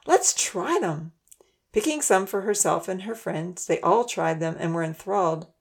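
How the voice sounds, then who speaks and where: A woman reads a children's storybook aloud with a gentle, steady manner. Her voice sits on the low side. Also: normal speed, vocal fry. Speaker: narrator. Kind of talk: storybook narration.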